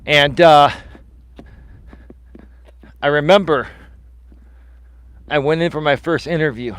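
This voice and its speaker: A middle-aged man telling a personal story on a casual live stream while walking outdoors, animated and swearing casually. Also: on the high side, takes it slowly, smooth. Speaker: life coach and host.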